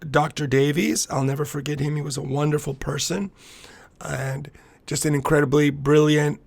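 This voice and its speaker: A man's voice: a little high, flat delivery, moderate pace, creaky, no echo. A man in his fifties from the US–Mexico border region, hosting a podcast and telling a reflective, rambling personal story with frequent restarts. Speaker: podcast host and capoeira master.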